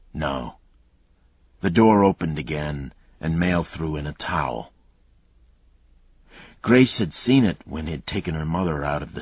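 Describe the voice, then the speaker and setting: A man reading a thriller audiobook aloud in measured, dramatic narration. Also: extremely low pitch, breathy edge, no room sound, highs cut off.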